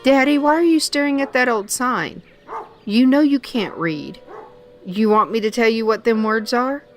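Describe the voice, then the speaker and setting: An actress playing an affectionate young frontier daughter who talks in a gently teasing way. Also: female voice, a little high, moderate pace, faint music behind, natural voice. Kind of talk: audio drama acting.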